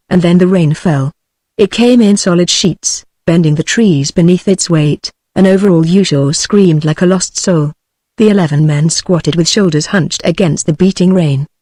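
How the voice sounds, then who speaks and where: A synthetic British English woman's voice reading a novel aloud in an even, machine-read delivery. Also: lowish voice, no room sound, clean studio sound. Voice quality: flat, even text-to-speech delivery. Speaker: audiobook narrator. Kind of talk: synthesized audiobook narration.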